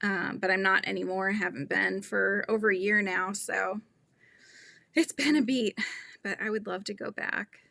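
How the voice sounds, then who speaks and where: Chatty woman with a gravelly bright voice. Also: medium pitch, steady tone, moderate pace, dry recording. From Northern California. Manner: chatty, laughing often, reading out chat comments. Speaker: host. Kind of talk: casual livestream chat.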